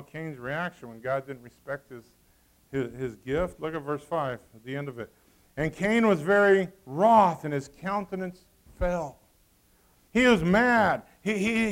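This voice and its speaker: High-voiced preacher calling to his congregation. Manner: calls out to the congregation, swings from loud to hushed; reads scripture in old-fashioned wording. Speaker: pastor. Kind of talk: sermon.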